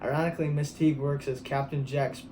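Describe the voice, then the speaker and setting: A man's voice: a little high, steady tone, quick pace, background noise. A man hosting a casual comedy podcast, reading a news story aloud with jokey asides and frequent laughter. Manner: laughs often, reads stories with jokey asides. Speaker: podcast host.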